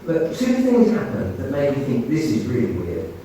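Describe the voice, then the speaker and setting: A man telling lively anecdotes to an audience, often repeating and restarting his phrases. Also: medium pitch, moderate pace, a little hiss or hum. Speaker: speaker at a talk on mediumship. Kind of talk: anecdotal storytelling talk. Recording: echoey hall from far off.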